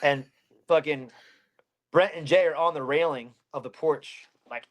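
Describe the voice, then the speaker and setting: A man's voice: on the high side, unhurried. A man in his thirties from Pennsylvania, a fighter telling a story in an interview, blunt and heavy with swearing.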